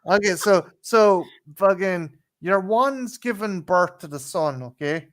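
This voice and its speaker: A man's voice: sits high, expressive, slow pace, fairly bright tone. A man co-hosting a casual film review, recapping the plot with sarcastic, profane remarks. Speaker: podcast co-host.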